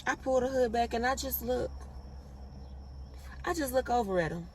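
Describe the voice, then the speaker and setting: A young woman vlogger telling a storytime in a casual, animated and profane way. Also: on the high side, normal speed, distant mic, a little hiss or hum. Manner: animated, blunt and profane, laughs at her own story.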